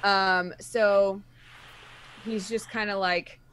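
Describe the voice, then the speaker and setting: Woman player, hesitant and filler-heavy, mid-pitched, faint noise. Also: steady tone, extremely slow. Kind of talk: describing her character at a tabletop game.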